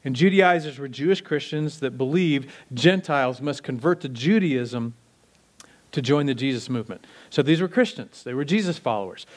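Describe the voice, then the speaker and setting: A man preaching a sermon in a conversational, animated way, acting out quotes as he teaches. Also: mid-range voice, moderate pace. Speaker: pastor.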